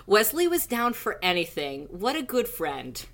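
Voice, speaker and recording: Woman guest, podcast chat, rambling and sweary, mid pitch. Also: big pitch swings, unhurried, fairly bright tone. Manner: chatty, swearing, lots of fillers. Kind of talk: casual podcast banter.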